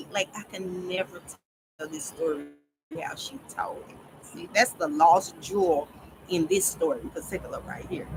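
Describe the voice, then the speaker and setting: A woman casually telling a long story to her viewers, rambling and animated, often laughing as she talks. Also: mid-range voice, noisy background. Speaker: storyteller vlogger.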